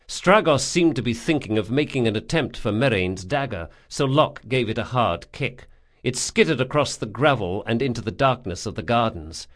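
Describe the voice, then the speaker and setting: Expressive male audiobook narrator. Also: medium pitch, normal speed. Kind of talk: scripted narration.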